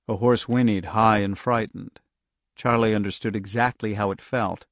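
A man reading an audiobook, narrating with steady, tense storytelling. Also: on the low side, normal speed, no room sound, studio quality.

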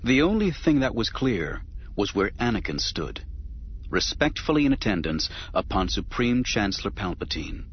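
A man with a fairly low voice narrates an audiobook in measured, even tones. The recording sounds dull and lo-fi, with a faint hiss underneath.

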